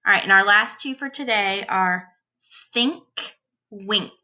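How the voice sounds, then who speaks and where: Woman teacher for a children's phonics lesson: unhurried, crisp and bright, careful sound-by-sound delivery, slightly dull lo-fi recording. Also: medium pitch. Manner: slow, clear, deliberate sounding-out of phonemes.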